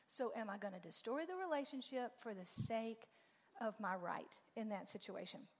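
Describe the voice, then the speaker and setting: A woman giving a lively, informal talk to a church parenting group, acting out her own stories as she goes. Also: a little high, moderate pace. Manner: animated storytelling, acts out her own lines. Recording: long reverb in a large room.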